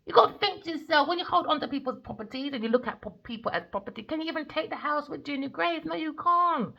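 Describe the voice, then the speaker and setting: A woman's voice: high voice, fast talker, gravelly, muffled recording. A woman, a tarot reader ranting in a blunt, heated, sweary monologue.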